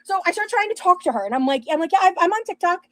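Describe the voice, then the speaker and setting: A woman's voice: very high voice, expressive, rapid-fire, no echo, rough recording. A young woman telling a rambling personal story in casual chat, with lots of fillers and restarts. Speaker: streamer and podcast host.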